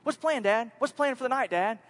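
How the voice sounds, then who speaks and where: A man's voice: extremely high pitch, quick pace, fairly bright tone, in a large hall, slight background noise, pitched above the performer's own voice. A man doing an eager little boy pestering his dad. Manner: insistent, repeating the same question.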